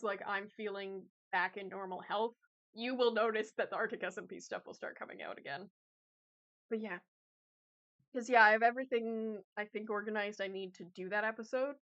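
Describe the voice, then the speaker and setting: A young woman chats casually on stream, rambling with frequent fillers and laughter. Her mid-range voice has a fairly bright tone, and she speaks at a moderate pace broken by long pauses. The audio is lo-fi and somewhat dull.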